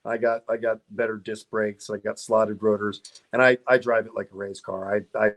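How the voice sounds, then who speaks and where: A man's voice: on the low side, little pitch movement, normal speed, fairly bright tone. A middle-aged man, a guest on a car podcast, telling rambling stories in a casual interview, laughing often and restarting his sentences.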